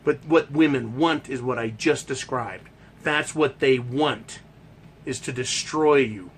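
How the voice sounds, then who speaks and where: A man's voice: medium pitch, takes it slowly, husky. A man hosting a ranting monologue, talking in a heated, emphatic and profane way. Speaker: host.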